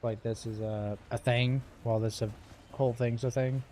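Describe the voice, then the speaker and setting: A man streams a game and chats through it casually, cracking jokes and laughing along. His voice is mellow and dark in tone, at a middle pitch, with a faint hiss of background noise. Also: flat delivery, moderate pace. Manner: chatty, jokey, laughing often. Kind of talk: casual gameplay commentary.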